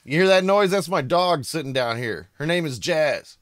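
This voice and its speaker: An excitable American man hosting casual reaction commentary at home, bursting into shouts of amazement. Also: on the high side, moderate pace, no room sound, clean studio sound. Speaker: reaction video host. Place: home room.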